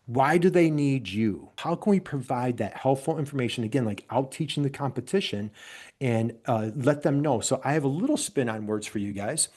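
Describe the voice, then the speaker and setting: A man's voice: mid-range voice, lively intonation, moderate pace, a little mellow. Upbeat man with an upstate New York accent. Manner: enthusiastic, motivational, asks the audience questions. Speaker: webinar presenter. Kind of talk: energetic business webinar.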